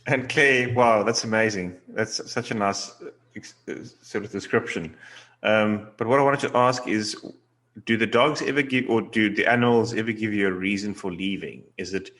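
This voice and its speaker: A man hosting an interview podcast, asking questions in a halting way with many restarts. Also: fairly low pitch, fairly bright tone. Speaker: podcast host. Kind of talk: casual interview.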